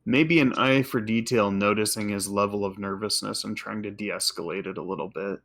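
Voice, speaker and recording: A man at a tabletop game whose low voice carries a strong gravelly fry. He talks in an easygoing, tentative way as he works out his character's moves. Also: steady tone, normal speed, a bit bright. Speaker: player. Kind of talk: casual game table talk.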